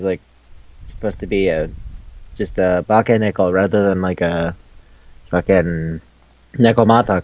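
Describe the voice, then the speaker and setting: A man co-hosting a casual chat show, talking quickly, swearing and acting out characters in high squeaky voices. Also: no echo, highs cut off. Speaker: podcast co-host.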